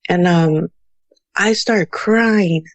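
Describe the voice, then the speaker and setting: A woman's voice: lowish voice, extremely slow, dry recording. Woman, thirties, from Houston, casual storyteller, chatty, Spanish words mixed in, dead-dry studio sound. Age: 30s. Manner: chatty, mixes in Spanish words, frequent "you know". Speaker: podcast guest.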